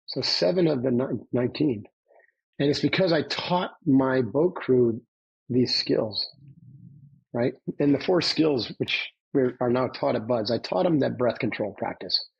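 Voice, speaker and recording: A man's voice: medium pitch, vocal fry, husky, highs cut off. A man speaking as a podcast guest, a former Navy SEAL, telling his story in an emphatic coaching tone and often checking in with "right?". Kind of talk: conversational storytelling.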